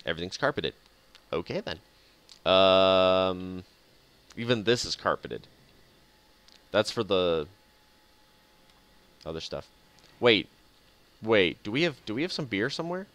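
Chuckling low-voiced man streaming a game. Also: big pitch swings, a little slow, long pauses, a bit bright, no room sound. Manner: chuckling, muttering to himself. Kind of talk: casual live gameplay commentary. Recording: faint game music behind.

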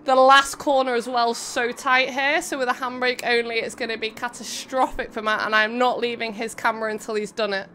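Calling the race and chatting with viewers in between, the young streamer is bubbly and giggly. Her slightly high, sharp-toned voice is flat and a little fast with hardly any pauses, over slight background noise.

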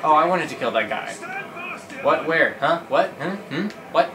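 A young man hosting a let's play, giving goofy, rambling, excitable commentary on a game. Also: on the high side, measured pace. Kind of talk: casual gameplay commentary. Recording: roomy sound with game music.

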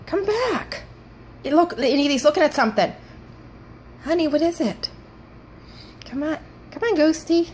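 A woman filming her dog at home, talking to it in a playful, excitable, coaxing way. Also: sits high, moderate pace, long pauses, slight background noise. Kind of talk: casual home video. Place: home indoors.

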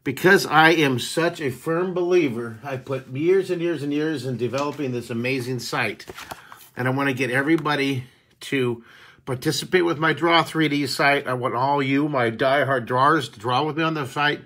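A drawing teacher hosts a live lesson, his medium-pitched, slightly bright voice moving at a moderate pace. He chats cheerfully and upbeat with viewers as he sketches, answering their comments along the way.

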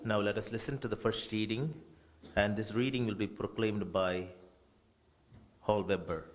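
A man, a priest, leading a funeral service with slow, measured liturgical prayers and readings. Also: lowish voice, fairly even intonation, slight background noise.

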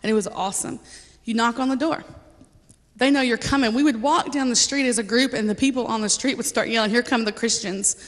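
A woman's voice: a little high, fast talker. A woman sharing a personal testimony with a church congregation, speaking casually and earnestly with frequent ums and light laughter. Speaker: church member giving a testimony. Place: church sanctuary. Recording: reverberant church hall.

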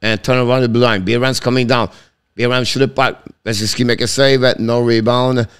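Excitable man calling hockey. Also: clean tone. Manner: rapid clipped calls, pitch jumping sharply on shots. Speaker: hockey play-by-play commentator. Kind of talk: live stream play-by-play commentary.

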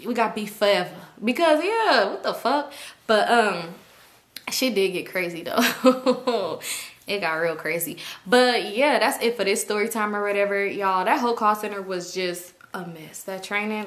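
A woman vlogger telling a work story in casual storytime chat, blunt and profane, jumping into loud high-pitched quotes. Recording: roomy echo.

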